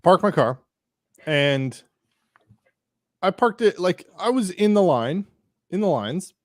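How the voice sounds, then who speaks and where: A man's voice: sits high, lively intonation, takes it slowly, dry recording, studio quality. A man hosting a podcast, telling a rambling anecdote in casual chat, full of restarts and acted-out quotes. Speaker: podcast host.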